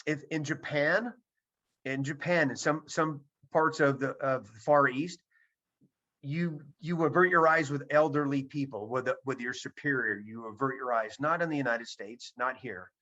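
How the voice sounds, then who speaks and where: Emphatic man with a bright voice. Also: mid-range voice, normal speed. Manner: emphatic, repeats key phrases. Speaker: presenter. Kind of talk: seminar talk to a virtual audience. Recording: dull lo-fi sound.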